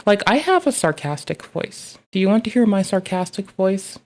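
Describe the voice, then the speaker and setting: A woman's voice: medium pitch, sing-song, moderate pace, a little mellow, a little hiss or hum. A woman streamer chatting casually and bluntly, swearing freely and rambling as she reacts to old clips.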